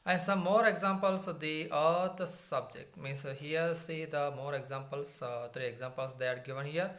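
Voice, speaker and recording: A man's voice: on the high side, unhurried, fairly bright tone. A man with an Indian English accent teaching a grammar lesson, repeating and rephrasing each point with many fillers and restarts. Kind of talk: grammar lesson explaining from a textbook.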